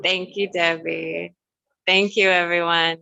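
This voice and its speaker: A woman leading a congregation through playful breathing and voice warm-ups, laughing and coaxing them along. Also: fairly low pitch, level tone, slow, gravelly, clean tone, no room sound, dull audio. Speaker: worship leader.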